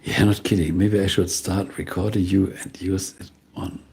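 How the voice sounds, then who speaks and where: Calm husky middle-aged man. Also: low voice, moderate pace. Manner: calm, musing, answers viewer comments. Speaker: voiceover artist hosting a livestream. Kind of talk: casual live-stream chat.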